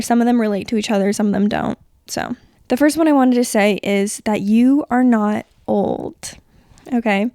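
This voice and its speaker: A woman in her twenties hosting a casual solo podcast, chatty and rambling, her voice a little rough from being sick. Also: fairly high pitch, a little mellow, no echo, clean studio sound. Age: 20s. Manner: chatty, rambling, filler-heavy. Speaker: podcast host. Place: bedroom.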